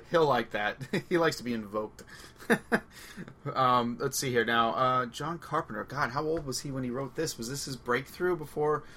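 Man, long island accent, bright tense voice, rambling movie podcast talk, frequent laughs. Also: medium pitch, normal speed, slight background noise. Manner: laughing often, excitable, rambling. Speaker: podcast co-host. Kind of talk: casual movie chat.

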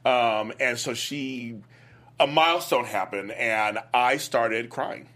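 An older man hosting a casual chat about a soap opera, animated and emotional, often talking over his guest. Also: mid-range voice, slow pace. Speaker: host.

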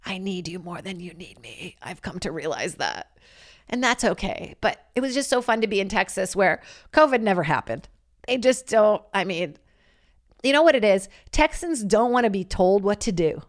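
A woman in her thirties, a comic and podcast host, telling stories in a brash, animated way and acting out voices. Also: medium pitch, moderate pace. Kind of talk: casual storytelling monologue.

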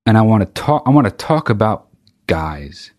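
A man's voice: fairly low pitch, sing-song, moderate pace, a little mellow. A man hosting a solo podcast, ranting in a heated, profane way and often restarting his sentences. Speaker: podcast host. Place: very hot recording space.

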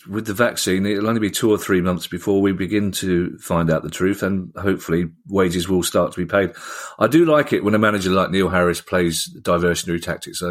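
Wry guy hosting a chatty podcast, lowish voice, playful asides. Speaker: podcast host. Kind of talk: casual chat.

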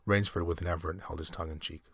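A man's voice: low voice, steady tone, fast, a bit bright, slightly rough, no room sound, clean studio sound. A man reading a short story aloud at an easy pace, with small slips and self-corrections. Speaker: amateur story reader.

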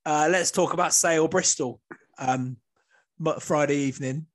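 Bloke hosting a podcast, slightly high voice, jokey, swears a lot. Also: male voice, unhurried, pauses often. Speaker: podcast host. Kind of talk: casual banter.

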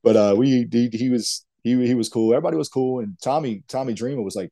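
A middle-aged man spins long, rambling stories in an interview. His voice is warm and mellow, and his manner is casual and animated, with plenty of "man" and "dude" along the way. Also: mid-range voice, fast, dry recording. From Louisiana. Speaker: retired wrestler, guest. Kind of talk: interview storytelling.

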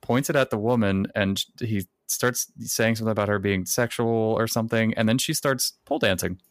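A man gives a rambling, sarcastic plot recap on a casual podcast. His voice sits fairly low, and the recording is close and dry. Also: a little fast, dry recording. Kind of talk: casual chat.

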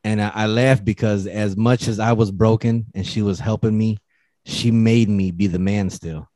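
A man's voice: lowish voice, steady tone, moderate pace, mellow, dry recording. Profane storytelling man on a podcast. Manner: storytelling, profane, mimics other voices. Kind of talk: casual chat.

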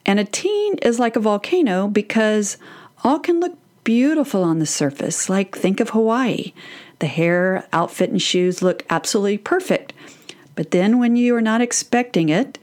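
A woman's voice: mid-range voice, a little mellow. A woman in her fifties talking earnestly to other parents, explaining her advice through metaphors.

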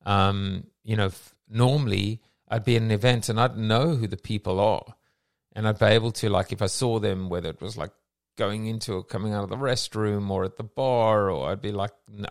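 A man hosts a relaxed online chat, musing aloud in a rambling way. His voice sits low with a gravelly, creaky texture. The sound is dry and close. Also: dry recording. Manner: rambling and reflective, many fillers. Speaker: host of a daily online audio coffee chat. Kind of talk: casual chat.

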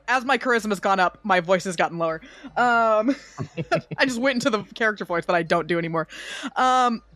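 A woman's voice: mid-range voice, a bit bright, no room sound. A woman at a tabletop game, talking her way through her character's actions in a loose, rambling flow. She restarts sentences, swears offhand and laughs between lines. Her voice sits mid-height and is recorded dry and close. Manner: rambling, self-correcting, laughing, swearing casually. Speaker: player.

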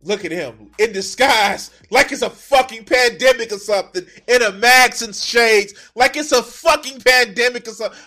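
A man reacting to a video clip, swearing a lot and breaking into incredulous shouts. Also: extremely high pitch, moderate pace, few pauses. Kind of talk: profane reaction commentary.

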